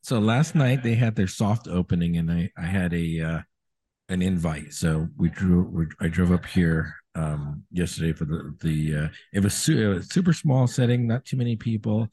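Low husky guy on a laptop call from a brewery, rambly casual beer chat, dry close sound. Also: normal speed, no room sound. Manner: relaxed, rambling, lots of fillers and restarts. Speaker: podcast host. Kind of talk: casual chat over beers. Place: brewery taproom. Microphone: laptop video call.

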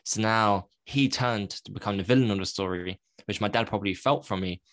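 A man's voice: lowish voice, brisk, a bit bright, no room sound. A man, a podcast guest, candidly recounting a personal story in a reflective way, often correcting himself mid-sentence.

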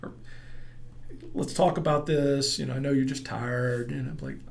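A middle-aged man with a gravelly, rough edge tells his story in a relaxed interview. He rambles and acts out what others said to him. His pitch sits in an ordinary middle range. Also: normal speed. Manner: rambling, animated storyteller acting out quotes. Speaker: entrepreneur guest.

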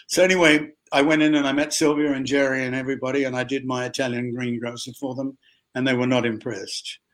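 An older man with an Australian accent, telling a lively anecdote at a convention and acting out the voices of others. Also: medium pitch, fast. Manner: lively storyteller who acts out other people's voices. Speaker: actor telling a story. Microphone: video call.

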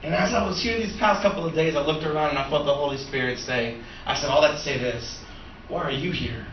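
A man preaching as a pastor, an animated storyteller who laughs and acts out the dialogue. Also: fairly high pitch, fast talker, muffled recording, slight background noise. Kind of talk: sermon with storytelling. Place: church sanctuary. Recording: echoey room from a distant mic.

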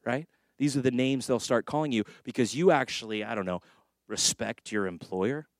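Lively preaching pastor, dry close sound. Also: male voice, medium pitch, normal speed, dry recording. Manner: conversational preaching with lively acted asides. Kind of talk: sermon.

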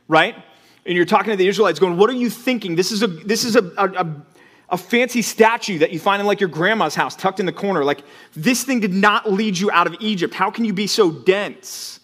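A man's voice: high-pitched, brisk, fairly bright tone. A male pastor preaching a sermon in a conversational, emphatic way, often repeating words as he builds a point.

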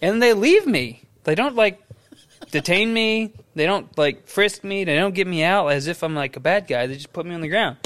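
Animated, laughing male storyteller. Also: sits high, moderate pace. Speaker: podcast co-host. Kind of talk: casual chat.

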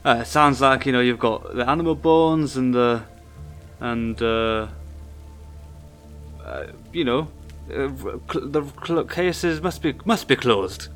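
Man as smooth-talking agent, flattering, wheedling, faint music behind. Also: mid-range voice, slow.

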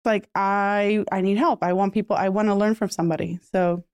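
A woman from Puerto Rico talking casually as a podcast guest, chatty and quick to laugh. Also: medium pitch, fairly even intonation, darkish tone, clear, resonant tone, no room sound, clean studio sound. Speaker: podcast guest, bilingual content creator. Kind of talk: casual interview chat.

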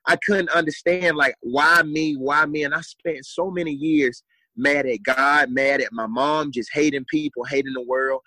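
A man's voice: a little high, steady tone, moderate pace, pushed and bright, dry recording, poor audio. A young adult man telling his story as a guest, earnest and repeating phrases for emphasis. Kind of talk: motivational storytelling.

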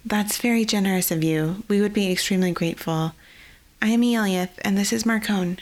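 A woman's voice: mid-range voice, brisk, natural voice. Woman voicing an earnest polite heroine. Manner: courteous, earnest.

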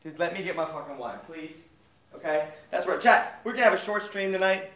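Loud profane hype-man streamer. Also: high-pitched, a little fast. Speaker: livestreamer. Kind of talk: hyped livestream hype-up. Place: outdoors at night in a warm, mosquito-filled spot. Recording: echoey live stream audio.

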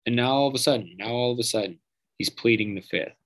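A man's voice: mid-range voice, quick pace, low-quality recording. A man hosting a podcast, delivering a profane, sarcastic political rant and mocking his targets. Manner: sarcastic, mocking, swears freely. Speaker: podcast host.

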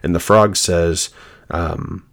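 A man's voice: low-pitched, steady tone, takes it slowly, gravelly. A man hosting a devotional podcast, speaking in an earnest, reflective way and sharing his own story. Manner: earnest and reflective, shares personal testimony. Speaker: podcast host.

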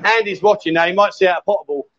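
A man's voice: high-pitched, rapid-fire, muffled recording, noisy background. A man hosting a casual live stream from a bar, cheerfully coaching women at a pool table and calling them sweetheart and darling. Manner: cheery, coaxing, says "sweetheart" and "darling" a lot. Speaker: host.

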